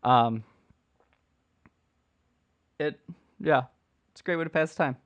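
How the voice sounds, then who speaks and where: A man's voice: on the high side, takes it slowly, lo-fi sound. A man hosting a casual, unedited livestream chat, answering viewer questions in a rambling, playful way and often restarting his sentences.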